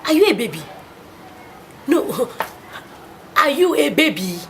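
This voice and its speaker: Woman doing a nigerian big sister scolding, lively high voice. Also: slow pace, gravelly, background noise, heavily acted. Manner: scolding, incredulous. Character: stern older sister, scolding.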